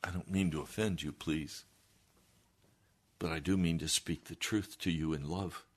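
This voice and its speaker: Slow, husky-voiced male pastor preaching. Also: low voice, steady tone. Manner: earnest, emphatic preaching. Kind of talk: sermon.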